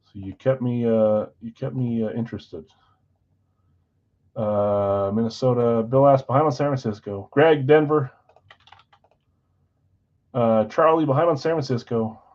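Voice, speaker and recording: Hosting a live card break stream, a man with a mid-range voice reads off names and team picks in a casual, friendly roll-call, mumbling his asides. He's unhurried with long pauses, and the highs are cut off.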